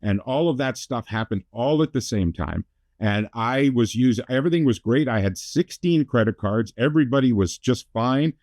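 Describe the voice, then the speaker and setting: A middle-aged Canadian motivational speaker, appearing as a talk-show guest, tells his life story with self-deprecating jokes and quick asides. His medium-pitched voice has lively intonation and a darkish tone, with no echo.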